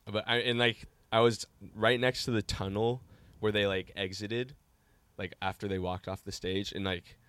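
A young man guest on a podcast, telling stories in a relaxed, rambling way full of filler words. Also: on the low side, normal speed, clear, resonant tone, no room sound. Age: young adult. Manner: relaxed storytelling, lots of likes and filler. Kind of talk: casual chat.

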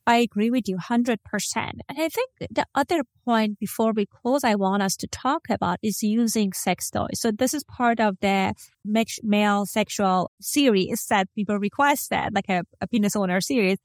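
A woman's voice: mid-range voice, moderate pace, hardly any pauses, no room sound, clean studio sound. A woman podcast host who asks her questions conversationally, searching for words with small restarts.

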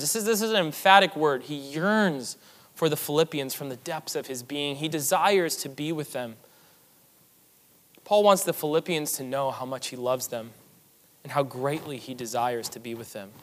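High-voiced man preaching in a reverberant hall. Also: a bit bright. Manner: earnest, emphatic, repeats key phrases. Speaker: pastor. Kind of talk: sermon.

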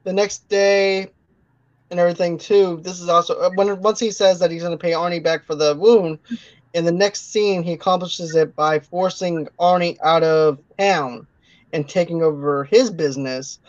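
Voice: mid-range voice, fairly even intonation, normal speed, no echo. Podcast co-host recapping a film. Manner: recapping plot with frequent restarts. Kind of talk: casual film recap and chat. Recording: dull lo-fi podcast audio.

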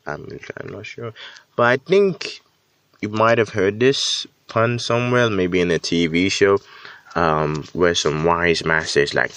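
A man's voice: on the low side, dry recording. A young man hosting a solo podcast, talking candidly and casually, swearing now and then and catching himself mid-thought. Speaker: podcast host. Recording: slightly dull lo-fi recording.

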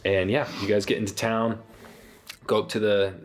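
A man narrating a tabletop game as game master in a relaxed, rambling way. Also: on the low side, normal speed, faint music behind.

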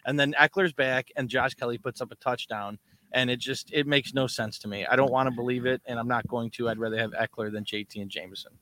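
A man's voice: medium pitch, fairly even intonation, fast talker, pushed and bright. A man from Chicago co-hosting a fantasy football podcast, talking casually and rambling with many fillers. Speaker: podcast co-host. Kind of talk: casual chat.

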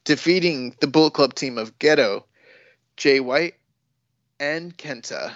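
A man's voice: fairly high pitch, measured pace, dry recording. Rambling man on a dull, dry recording. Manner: rambling, many fillers and restarts. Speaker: podcast co-host. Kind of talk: casual wrestling chat.

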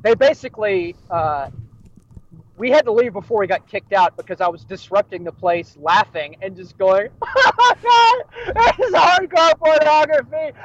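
A man's voice: high voice, highs cut off, noisy background. A man co-hosting a podcast, telling a story in casual chat and laughing often. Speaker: podcast co-host.

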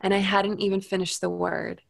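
A woman's voice: medium pitch, moderate pace, gravelly, dry recording. A woman in her thirties tells a long story as an interview guest. She acts out what people said and breaks into laughter now and then. Her voice sits in a mid range and sounds dry and close to the mic. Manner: animated storyteller, laughs often, acts out quotes. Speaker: hypnotherapist, guest.

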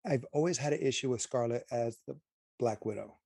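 A man talking through a film review with a co-host, opinionated and emphatic. His voice sits at an ordinary pitch. The sound is dry and close, with no room around it. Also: brisk, vocal fry, husky, dry recording. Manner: opinionated, emphatic, animated asides. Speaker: podcast co-host. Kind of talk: casual movie review chat.

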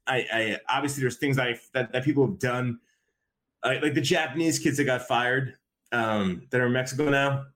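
A man's voice: medium pitch, normal speed, a bit bright, slight background noise. Rambling man, casual podcast guest. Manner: rambling, many repeated fillers and restarts. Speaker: podcast guest, wrestling commentator. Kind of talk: casual conversation.

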